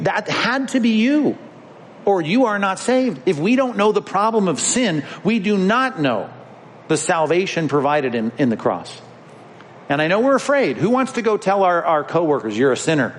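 A man preaching a sermon in a church sanctuary, his voice sitting a little high. He talks conversationally and presses his points home, addressing the congregation directly. A long reverb trails each phrase through the room. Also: sing-song, moderate pace, slight background noise. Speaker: pastor.

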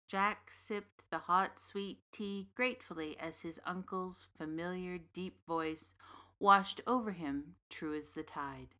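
A woman narrating a fantasy story in a measured, scripted way. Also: fairly low pitch, pushed and bright.

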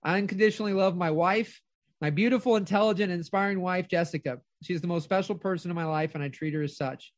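A man's voice: sits high, fast talker, no echo. Middle-aged guy giving a pep talk, earnest and sure of himself, dry no-room sound. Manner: earnest, affirming, speaks in declarations. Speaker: coach. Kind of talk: motivational coaching call.

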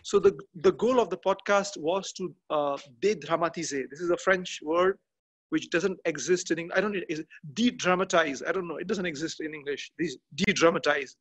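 A man chatting as a podcast guest from a garden outdoors, halting and often restarting as he searches for words. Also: fairly high pitch, breathy edge. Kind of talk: casual interview chat.

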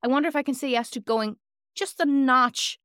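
Woman co-host, higher voice, dry close mic, thoughtful easygoing chat. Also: a bit bright, smooth, no room sound. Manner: reflective, quick-spoken, drops into quoted self-talk. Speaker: podcast co-host. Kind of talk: casual chat.

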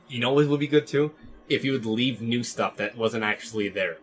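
A man's voice: medium pitch, fairly quick. A man in his twenties, a podcast co-host trading crude jokes with friends, laughing often and acting out silly voices. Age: 20s. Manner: animated, laughing, acts out voices. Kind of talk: crude casual banter among friends.

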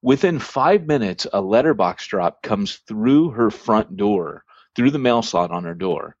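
Low-voiced man telling a story, dull lo-fi. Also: expressive, unhurried, no echo. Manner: rambling, many ums and restarts. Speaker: podcast host. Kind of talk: storytelling in a casual podcast chat. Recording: dry, dull lo-fi sound.

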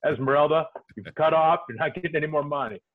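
Podcast co-host, man, husky, slightly high voice, tinny phone-like sound, swears a lot while he rants. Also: fast. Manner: profane, laid-back griping. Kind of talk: casual ranting chat.

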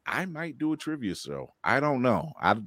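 A man hosting a podcast, playful and lively, thanking viewers and plugging upcoming episodes. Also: medium pitch, moderate pace, no room sound. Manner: lively, playful, laughing often. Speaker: podcast host. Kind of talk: casual podcast chat.

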